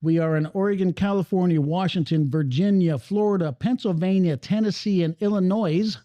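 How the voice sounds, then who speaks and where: A man's voice: high-pitched, a little fast, mellow, dry recording, muffled recording. A man hosting a podcast in casual chat, rambling and swearing freely as he talks. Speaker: podcast host. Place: cigar lounge.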